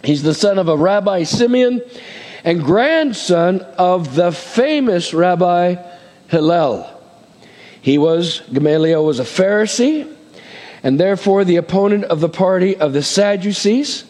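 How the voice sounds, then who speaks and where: High-voiced preaching pastor in a reverberant hall. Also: male voice, expressive, a little slow, a little mellow. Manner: conversational preaching with asides and "amen?" checks. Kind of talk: sermon.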